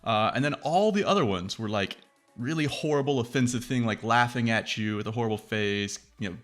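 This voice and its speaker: A man hosting a casual tech chat, rambling and profane, acting out quoted reactions in a lively way. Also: medium pitch, a little fast, faint music behind. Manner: animated, acts out quoted reactions.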